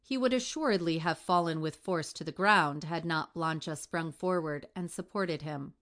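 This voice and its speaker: A woman's voice: sits low, moderate pace, fairly bright tone. A woman reading a classic adventure novel aloud as narration, lightly shifting her voice for the characters' lines. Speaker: audiobook reader. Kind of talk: scripted narration.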